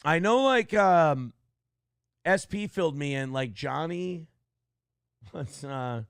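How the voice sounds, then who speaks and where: A man's voice: fairly high pitch, expressive, slow pace, vocal fry, clean tone, no echo, studio quality. A man hosting a livestream, telling a story in a brash, profane, mocking way and acting out other people's lines. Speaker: livestream host. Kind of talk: casual monologue.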